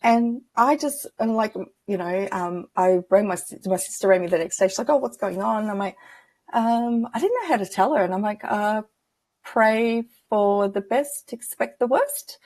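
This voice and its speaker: In a dry recording, a woman with a mid-range, slightly mellow voice talks a bit fast. She's a spiritual medium guesting on an interview show, reflecting chattily on personal stories and acting out the dialogue she remembers in casual storytelling.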